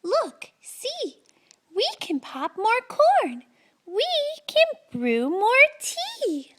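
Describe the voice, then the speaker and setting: A woman voicing a tiny mouse in a storybook reading, soothing in a high squeak. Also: huge pitch swings, extremely slow, heavily acted.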